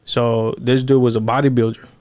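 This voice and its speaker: A man hosting a podcast in casual chat, telling an animated story and acting out what others said in raised voices. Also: mid-range voice, normal speed. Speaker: podcast host.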